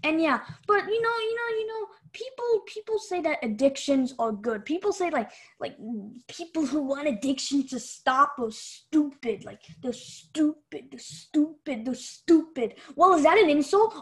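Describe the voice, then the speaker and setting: High-voiced woman rambling through a joke vlog. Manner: rambling and playful, often losing track and repeating words. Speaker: host of a joke therapy show. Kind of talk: casual comedic vlog monologue.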